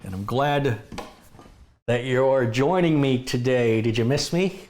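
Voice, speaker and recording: With a slow, slightly mellow medium-pitched voice, a middle-aged tech channel host from the United States runs a live review stream, greeting viewers by name and making dry side comments. There is slight background noise.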